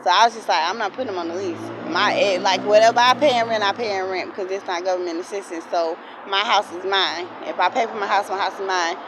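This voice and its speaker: A woman's voice: mid-range voice, fairly even intonation, fast talker, few pauses, noisy background. Young woman ranting, swearing. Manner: heated, swearing, repetitive. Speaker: vlogger. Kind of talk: angry storytime rant.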